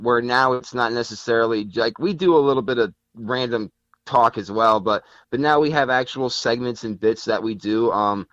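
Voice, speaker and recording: A man's voice: fairly low pitch, a bit bright, no room sound. A man from Connecticut chatting as a podcast guest, rambling with many fillers and restarts. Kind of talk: casual interview chat. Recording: dull lo-fi sound.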